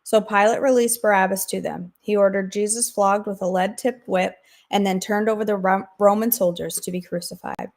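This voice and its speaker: A woman hosting a daily devotional, reading scripture aloud in a steady, measured way. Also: mid-range voice. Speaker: devotional host.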